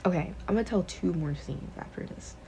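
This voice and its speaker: A woman's voice: lowish voice, brisk, vocal fry, dark tone, slight background noise. A woman podcast host casually retelling a book's plot, rambling with lots of fillers and swearing. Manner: rambling, profane, many fillers. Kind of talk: casual storytelling, retelling a book.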